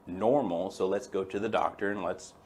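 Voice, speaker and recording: At normal speed, a male chiropractor with a fairly low voice leads a webinar with a bit of hiss or hum in the background. His manner is folksy and relaxed, full of easy enthusiasm, and he tells stories casually to an audience he treats like friends.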